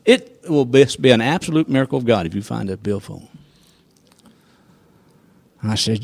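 A man telling a personal faith testimony in a folksy, animated storytelling manner. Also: mid-range voice, moderate pace, vocal fry, pauses often, dry recording. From rural farming background. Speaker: guest sharing testimony.

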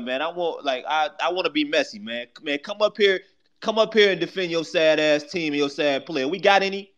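A man's voice: on the high side, a little fast, a bit bright. A man hosting a live online audio room, teasing listeners and calling on them by name. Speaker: host of a fan call-in audio space.

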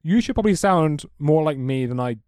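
A young man with a posh English accent co-hosting a podcast, talking quickly and laughing, sometimes tripping over his words. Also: fairly high pitch, lively intonation, darkish tone, clean tone, dry recording, studio quality. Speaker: podcast co-host. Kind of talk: casual chat.

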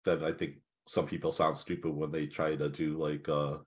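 A very low-voiced man chats in a relaxed way. He agrees easily and rambles along with plenty of fillers. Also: moderate pace. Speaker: co-host. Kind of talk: casual chat.

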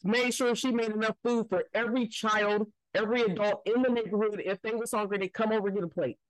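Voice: mid-range voice, steady tone, fast talker, dry recording, rough recording. A podcast co-host talking in casual chat, telling stories emphatically and with a lot of swearing. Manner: emphatic, profane storytelling.

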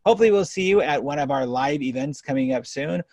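A man hosting a business podcast interview, talking in an energetic, animated way and telling stories. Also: fairly high pitch, quick pace, no room sound. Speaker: podcast host.

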